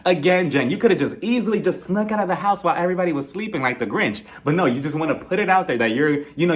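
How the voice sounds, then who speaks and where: A man casually recapping a reality show in an animated, gossipy way, laughing often and swearing freely. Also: high voice. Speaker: TV show reviewer.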